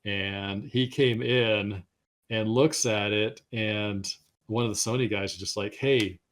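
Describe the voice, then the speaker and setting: A man's voice: lowish voice, steady tone, slow pace. A middle-aged man, a game designer being interviewed, telling stories in a casual, rambling, self-deprecating way and sometimes tripping over his words.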